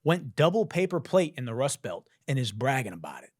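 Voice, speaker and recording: A man's voice: mid-range voice, brisk, dry recording, clean studio sound. A man hosting a podcast, riffing sarcastically on a song, swearing and mocking. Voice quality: musician. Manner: sarcastic, swearing, animated mockery. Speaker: podcast host. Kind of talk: comedic commentary.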